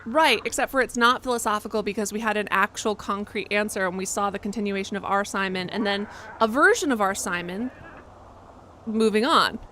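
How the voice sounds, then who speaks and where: A woman's voice: mid-range voice, sharp tone, a little hiss or hum. A young woman streamer chatting casually as she plays a horror game, rambling and poking fun at herself. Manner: rambling, self-mocking, quick asides. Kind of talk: casual live-stream chat while playing.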